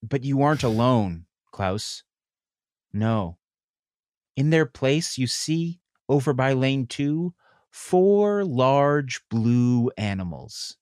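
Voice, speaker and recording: A man narrating a tabletop role-playing game as game master in a calm, measured way. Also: mid-range voice, dry recording, clean studio sound.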